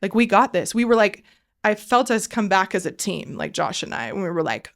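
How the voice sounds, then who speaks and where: A woman's voice: medium pitch, big pitch swings, a little fast, gravelly. Earnest woman telling a faith story. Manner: earnest, filler-heavy storytelling, often dropping to a hushed voice for quoted prayers. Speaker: podcast guest. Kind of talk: emotional personal faith story.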